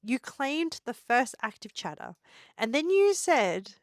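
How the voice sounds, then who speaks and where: Woman streamer, giggly teaser, slightly high voice, dry close sound. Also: sing-song, measured pace, no room sound. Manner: giggly, playful teasing of chat. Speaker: live streamer. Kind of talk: casual live-stream chat.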